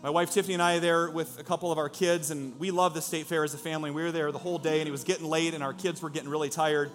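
A man's voice: on the high side, fairly even intonation, rapid-fire, fairly bright tone, soft background music. A man preaching a sermon as pastor, with an emphatic, repetitive preaching cadence. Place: church in a former car dealership.

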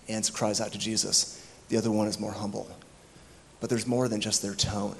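A man delivers a reflective sermon in a church, his low, gravelly voice staying even and flat. He voices the people in his story as he goes. The sound carries a long hall reverb with a faint hum behind it. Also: normal speed. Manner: reflective, acts out the thieves' words. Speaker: preacher.

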